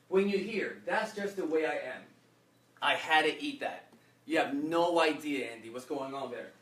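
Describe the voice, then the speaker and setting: A man giving an energetic workshop talk, often quizzing the audience with fill-in questions. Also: a little high. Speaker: workshop speaker. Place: echoey workshop room. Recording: roomy echo, mic from far off, faint noise.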